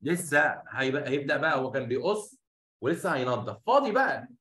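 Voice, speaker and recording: Brief: Egyptian man, English teacher, switches between Arabic and English, rapid and sharp. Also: medium pitch, expressive. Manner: explains in Arabic, mixing in English words. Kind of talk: classroom lesson explaining a reader.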